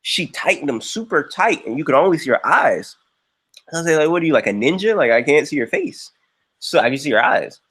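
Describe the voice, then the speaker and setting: A young man hosting a livestream, telling a story in a casual, animated way and jumping into high voices when he quotes people. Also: fairly quick, breathy edge. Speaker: livestream host.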